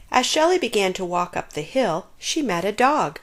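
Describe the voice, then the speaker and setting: A woman reading a children's picture book aloud in an expressive, sing-song storyteller manner. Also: medium pitch, normal speed, few pauses.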